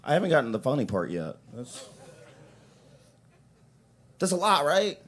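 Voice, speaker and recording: Brief: young male comic, crude, rambling, very lively delivery. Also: on the high side, normal speed. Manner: crude, rambling, jumps into shouted impressions. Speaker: open mic comedian. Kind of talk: stand-up comedy set. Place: coffee shop open mic stage.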